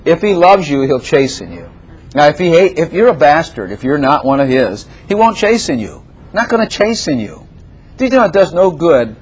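A man preaching a sermon to a congregation in a church room, animated and repetitive, laughing often and quizzing his listeners. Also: on the high side, normal speed, slightly rough. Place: church room with chairs and a plant.

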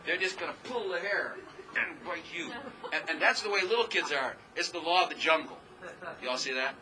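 A male pastor gives a loose, conversational sermon, rambling and chuckling at his own stories. His voice is very bright and a touch high. A faint hum of room ambience sits behind him. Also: moderate pace, low-quality recording. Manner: folksy, rambling, laughs at himself.

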